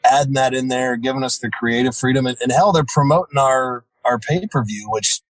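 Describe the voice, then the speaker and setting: A man's voice: medium pitch, fairly quick, dry recording, rough recording. Upbeat man wrestler, dry close sound. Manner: upbeat, swears casually. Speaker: pro wrestler guest. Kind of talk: casual chat.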